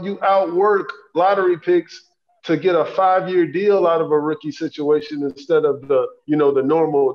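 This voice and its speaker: A man hosting a podcast interview, enthusiastic and asking long, winding questions. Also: fairly high pitch. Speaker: podcast host. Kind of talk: casual interview. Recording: dull lo-fi sound.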